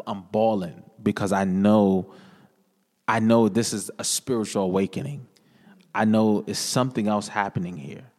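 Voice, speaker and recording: A man's voice: fairly low pitch, darkish tone. Earnest man telling his testimony. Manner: earnest storytelling with many repeated phrases. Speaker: podcast guest. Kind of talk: personal testimony in casual conversation. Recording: echoey room with long reverb.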